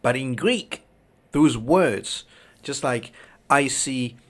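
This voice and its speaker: Slow, emphatic man. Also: mid-range voice, expressive. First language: Spanish. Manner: emphatic, often asks "right?". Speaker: livestream host. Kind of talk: casual commentary.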